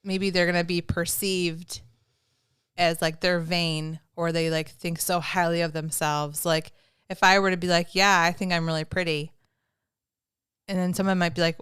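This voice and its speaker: A woman's voice: on the low side, flat delivery, moderate pace, fairly bright tone, smooth, no room sound, clean studio sound. A woman hosting a podcast, chatting in a supportive, reflective way. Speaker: podcast host. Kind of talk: casual podcast chat.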